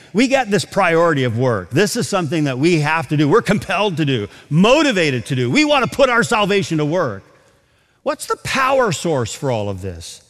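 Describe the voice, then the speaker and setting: A man preaching a sermon in a large auditorium, emphatic and full of rhetorical questions, slowing down to stress key phrases. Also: fairly high pitch, in a large hall. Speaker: pastor.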